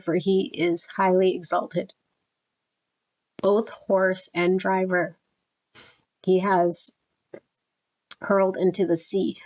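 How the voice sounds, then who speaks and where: A woman reading card texts aloud in a tarot deck flip-through at home, slowly and tenderly, easily moved. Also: fairly low pitch, flat delivery, darkish tone, poor audio.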